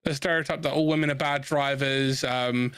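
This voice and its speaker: A man's voice: mid-range voice, fairly even intonation, normal speed, a bit bright, clean tone, dry recording. Chatty South East London man. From England. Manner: rambling, restarts often, laughs easily. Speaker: gamer chatting with friends. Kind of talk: casual chat over gameplay.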